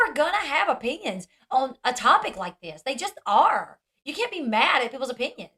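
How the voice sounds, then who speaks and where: A woman's voice: high voice, sing-song, brisk, hardly any pauses, bright, forceful tone. A woman hosting a commentary vlog, blunt and sarcastic, often mockingly mimicking others. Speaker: commentary channel host.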